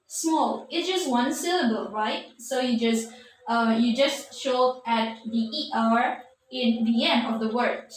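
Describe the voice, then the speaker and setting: A woman teaching an English grammar lesson, patiently repeating points with fillers. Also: sits high. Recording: echoey room from far off, faint noise.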